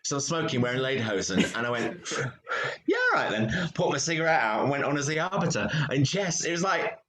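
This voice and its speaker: A British man, a theatre actor, chatting casually and telling backstage stories with lively, acted-out quotes. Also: brisk. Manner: animated storyteller, acts out quotes with big pitch jumps. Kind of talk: casual chat.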